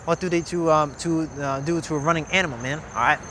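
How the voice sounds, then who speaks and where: A somewhat high-voiced man gives informal scripture teaching outdoors at a camp. He reads the verses in a louder, more formal voice, then drops back into loose talk full of "man" and "all right?". Faint crickets and insects chirp softly behind him. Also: a little hiss or hum, rough recording. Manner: fills every pause with "man", "okay?" and "all right?"; reads verses aloud louder and more formally than his own remarks. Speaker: religious teacher.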